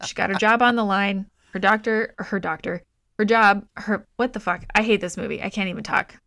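A woman co-hosting a podcast, recapping a film in a profane, exasperated, animated way. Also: medium pitch, brisk, no echo, clean studio sound. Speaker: podcast co-host. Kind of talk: casual movie review chat.

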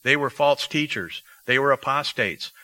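Bright-voiced man preaching a sermon. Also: mid-range voice, moderate pace, dry recording, low-quality recording. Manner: teaching verse by verse, reading scripture aloud. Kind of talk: expository sermon.

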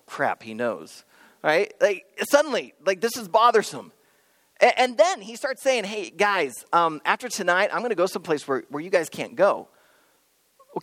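Animated conversational preacher. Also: medium pitch, no room sound. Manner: conversational, storytelling, with humor and repeated restarts. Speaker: pastor. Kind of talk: sermon.

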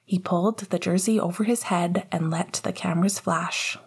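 A woman reading a story aloud in a calm, measured, soft manner. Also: lowish voice, husky. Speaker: audiobook narrator. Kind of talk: reading fan fiction aloud.

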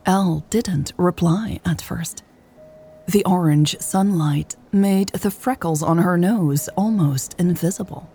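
A woman narrating a romance audiobook in a steady storytelling manner. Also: on the low side, takes it slowly, husky, faint music behind.

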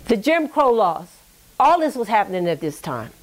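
A woman's voice: mid-range voice, big pitch swings, normal speed. Woman, oral history interviewee, reflective and digressive storyteller. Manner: reflective, digressive, with frequent "you know" and "okay?". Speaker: interviewee recounting family history.

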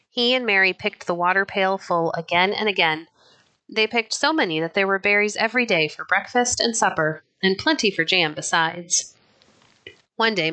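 A woman narrating a children's novel chapter aloud in an even, unhurried storytelling manner. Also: fairly low pitch. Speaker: audiobook narrator.

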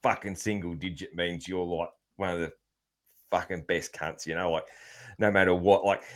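Australian man, low-pitched, casual podcast host, rambling, swears a lot. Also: level tone, normal speed. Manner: rambling, swears freely, many ums and restarts. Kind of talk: casual chat.

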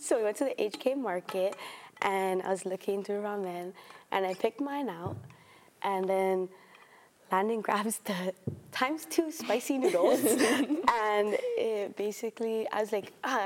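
A young woman in casual chat on a podcast, telling a story in an animated way and laughing as she goes. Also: mid-range voice. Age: young adult. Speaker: podcast co-host.

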